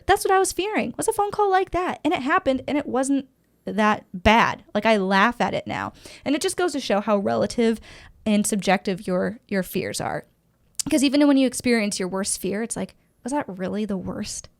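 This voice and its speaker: A woman co-hosting a podcast, telling stories in casual chat and acting out the people she quotes. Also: high voice. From Houston, Texas. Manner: animated storytelling, acts out quoted voices. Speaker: podcast co-host.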